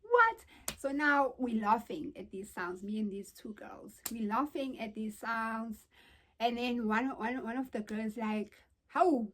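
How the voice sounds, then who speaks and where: A young woman from South Africa with a South African accent, telling a story to her channel in casual, animated, exclamatory chat. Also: a little high, unhurried, slight background noise. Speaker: vlogger.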